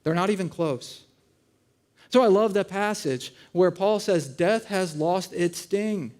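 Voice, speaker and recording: High-pitched guy pastor in his 30s, talks like he's chatting with friends, pokes fun at himself. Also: darkish tone. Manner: conversational, self-mocking, acts out voices in his stories. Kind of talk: sermon with storytelling. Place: church auditorium.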